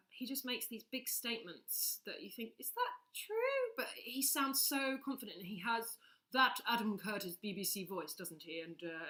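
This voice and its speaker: Soft-spoken woman with a bright voice. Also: mid-range voice. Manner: soft-spoken, hesitant, many ums. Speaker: spoken-word poet. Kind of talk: casual chat introducing a poem.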